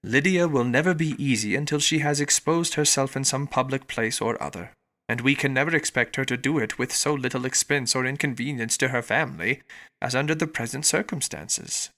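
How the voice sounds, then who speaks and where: A male narrator voicing an ironic older father who speaks in a low, teasing manner. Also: brisk, sharp tone. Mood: wry. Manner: wry, teasing.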